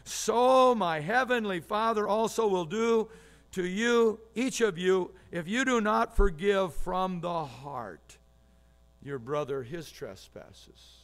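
A man with a notably high voice delivers a sermon from the pulpit. He reads scripture with strong emphasis and often doubles up his words as he preaches. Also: slow. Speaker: pastor.

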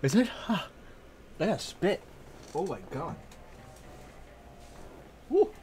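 A man's voice: sits high, sing-song, takes it slowly, darkish tone, a little hiss or hum. A man on a live stream, coughing, sniffling and drooling as he talks casually, cursing freely and wincing in pain.

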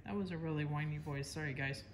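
Talking at a quick pace in a low voice, an American woman leads a relaxed painting demo as an art instructor. She keeps up a chatty commentary as she works, occasionally apologizing to viewers, with a bit of hiss or hum present.

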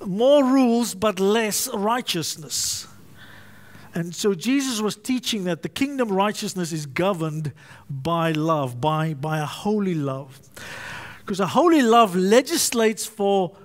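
Pastor guy giving a sermon, pretty high voice, punchy repeated lists. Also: animated, takes it slowly. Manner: emphatic, repetitive listing with alliteration.

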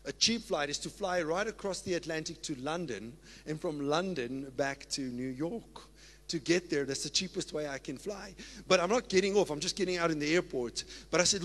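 A South African man, a pastor, preaching a sermon in an excited, emphatic way. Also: a little high, moderate pace. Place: church. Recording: long reverb of a church hall.

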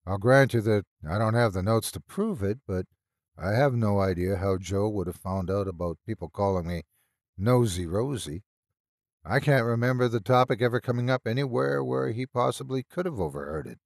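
A man voicing a shrewd older woman doctor in an audio horror story. She speaks bluntly and firmly, at times quietly, with a dry and close sound. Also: lowish voice, moderate pace, creaky, no echo. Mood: earnest. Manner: firm and blunt, sometimes soft.

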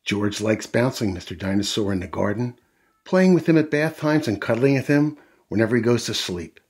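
A man's voice: mid-range voice, animated, moderate pace, darkish tone, slightly rough. A man reading a picture book aloud to children as a storyteller, adding friendly asides to young listeners.

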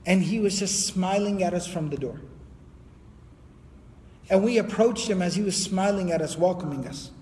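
Man, lecture, high voice, lively storytelling, reverb from a hall. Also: moderate pace, pauses often. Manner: lively storytelling, quoting Arabic then translating. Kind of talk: Islamic history lecture.

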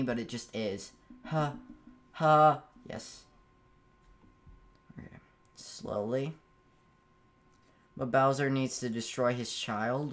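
A man streaming a game, chatting casually, stammering and repeating words, breaking into yelps and laughs when frustrated. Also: mid-range voice. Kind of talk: casual gameplay commentary.

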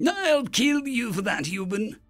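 A man's voice: sits high, sing-song, moderate pace, gravelly, bright, forceful tone, slightly rough, soft background music, pitched above the performer's own voice, exaggerated voice. A man voicing an arrogant, furious alien male council leader who spits out threats in a raised voice. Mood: enraged. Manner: sneering, spitting threats.

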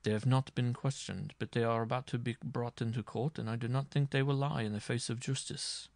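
A man voicing a stern judge who speaks with ominous, measured calm. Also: medium pitch, vocal fry, dry recording, close to an everyday voice.

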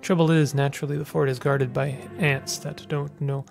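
A man reading game dialogue aloud as a suave, whiskered male creature thief who loves treasure, in a smooth, flattering, theatrical way. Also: a little high, normal speed, faint music behind. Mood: scheming.

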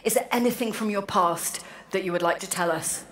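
A woman's voice: medium pitch, brisk, fairly bright tone. A woman in her forties giving a wry, self-deprecating anecdotal speech to a meeting. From Wales. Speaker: speaker at an annual meeting. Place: large hall, to an audience. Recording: echoey hall with faint room noise.

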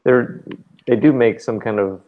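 A man's voice: mid-range voice, a little slow, phone-quality sound. A man co-hosting a casual gaming livestream, rambling and exasperated, stumbling over restarts as he rants. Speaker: livestream co-host. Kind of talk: casual chat while gaming.

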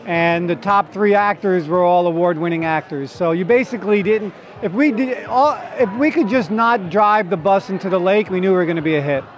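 A man's voice: high voice, fairly quick, hardly any pauses. Playful man with a New Jersey accent. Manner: playful, flirty, joking. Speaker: actor guest. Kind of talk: red carpet interview. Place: outdoor red carpet event. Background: crowd chatter.

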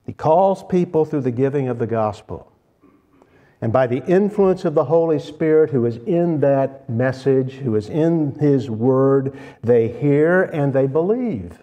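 A man preaching a sermon, speaking slowly and deliberately and stressing key words. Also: mid-range voice, expressive, highs cut off.

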